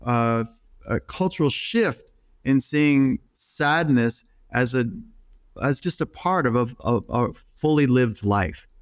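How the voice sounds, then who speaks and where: Speaking slowly and smoothly at a medium pitch with lively intonation, this middle-aged psychotherapist from the United States is an interview guest who talks earnestly, stumbles through many restarts, and voices the people he quotes. The studio-quality audio has no echo.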